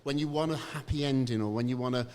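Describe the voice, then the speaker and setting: A man's voice: medium pitch, quick pace, darkish tone. Gracious man in a reverberant bar. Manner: gracious, explanatory. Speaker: gossip columnist guest. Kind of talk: podcast interview. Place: bar venue during a live podcast taping. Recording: hall reverb.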